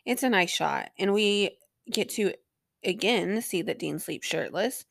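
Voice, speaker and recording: A woman's voice: mid-range voice, animated, measured pace, gravelly, dry recording. A young woman hosting a podcast, recapping an episode in a rambling, sarcastic way with plenty of swearing and filler words. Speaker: podcast host.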